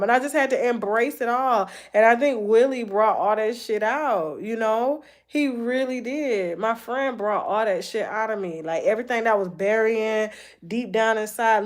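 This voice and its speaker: Speaking at a normal speed in a fairly high voice, this celebrity gossip show host gives a candid, personal monologue. She is blunt and swears heavily, frequently restarting and repeating phrases for emphasis.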